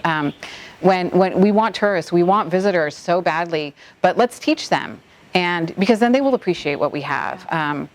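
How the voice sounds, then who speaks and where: A middle-aged woman from the Bahamas, an environmental nonprofit director, recalling a hurricane in an interview, halting and close to tears with many restarts. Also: low-pitched. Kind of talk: emotional interview recollection.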